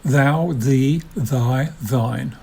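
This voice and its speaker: A man co-hosts a lesson in a husky, slightly breathy voice. His delivery is measured and formal, with a dry edge. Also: medium pitch, a little mellow. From England. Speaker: co-host. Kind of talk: scripted instructional video.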